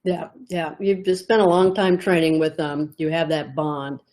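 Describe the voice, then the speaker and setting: Woman, 60s, low-pitched; reflective storyteller in a conversational interview. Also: flat delivery, normal speed, a little mellow. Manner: reflective storytelling, laughs easily. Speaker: retired astronaut, interviewer.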